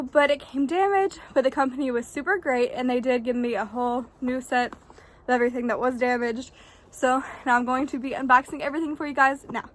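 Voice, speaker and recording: Breathless chatty young woman, high voice. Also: lively intonation. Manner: fast, chatty and bubbly. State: out of breath from the cold. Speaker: vlogger. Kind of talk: casual unboxing vlog. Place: outdoors in the snow.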